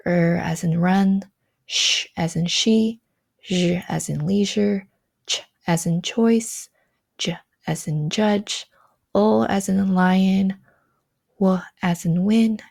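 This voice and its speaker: Slow, gravelly-voiced woman teaching pronunciation. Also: fairly low pitch, no room sound, clean studio sound. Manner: calm, methodical, listing examples one by one. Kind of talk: instructional explanation.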